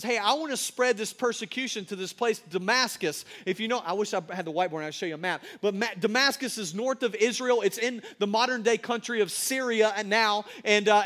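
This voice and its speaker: A man's voice: high-pitched, a bit bright. A man preaching a sermon in a colloquial, emphatic storytelling manner.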